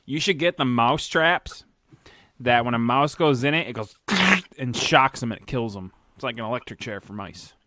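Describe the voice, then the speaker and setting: A man's voice: mid-range voice, expressive, normal speed, very noisy. A man co-hosting a casual podcast chat, teasing his co-host and narrating what she does.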